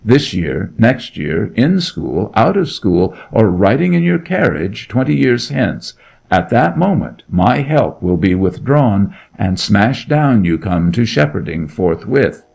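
A man playing a grim, gravelly duke. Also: lowish voice, very animated, takes it slowly, a little mellow, exaggerated voice. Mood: menacing. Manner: cold, commanding interrogation. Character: grim, menacing nobleman, a middle-aged duke.

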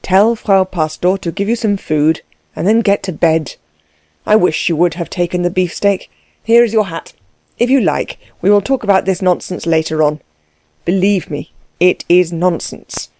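A woman voicing a calm, dry-witted gentleman. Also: on the low side, no room sound, lightly acted. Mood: kindly. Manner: cool, measured, ironic. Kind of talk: audiobook character voice.

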